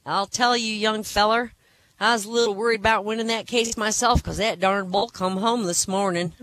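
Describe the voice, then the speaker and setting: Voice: medium pitch, fairly even intonation, moderate pace, crowd noise, voice pushed up, lightly acted. A joke teller voicing a sly old male rancher in a folksy drawl, raised above the teller's own voice. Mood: wry.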